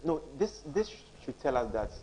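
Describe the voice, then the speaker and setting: A man's voice: mid-range voice, big pitch swings, moderate pace, dark tone, slight background noise, low-quality recording. A man with a Ghanaian English accent, a guest on a TV panel, talking insistently and repeating himself to make his point. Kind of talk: casual panel discussion.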